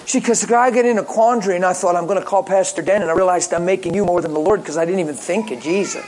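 Lively storytelling preacher, a man. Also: sits high, quick pace, rough recording. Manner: lively, jokey, acts out callers in voices. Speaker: pastor. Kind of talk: sermon with storytelling.

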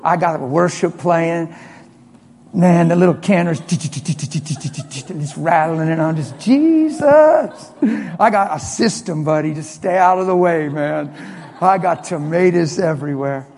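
A middle-aged man preaching a sermon as a pastor, telling a story with emphatic swings from loud to hushed. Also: a little high, steady tone, a little slow, slight background noise. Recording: long hall reverb.

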